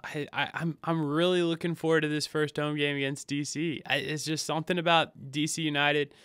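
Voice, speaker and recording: A young man co-hosts a casual sports podcast, talking in an excitable, rambling way and often restarting his sentences. His voice is bright and crisp, sitting a little high for a man, and it sounds close and dry, with no room around it. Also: a little fast, no echo. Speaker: podcast co-host.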